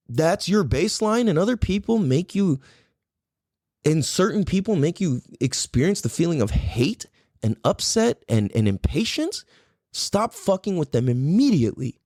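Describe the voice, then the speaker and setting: A heated male podcast host, somewhat high-pitched with a very animated delivery. He lectures the listener bluntly, swearing often and firing off rhetorical questions. The sound is close and dry, with no room echo. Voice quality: profane, blunt, repetitive emphatic phrasing. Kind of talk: heated solo rant.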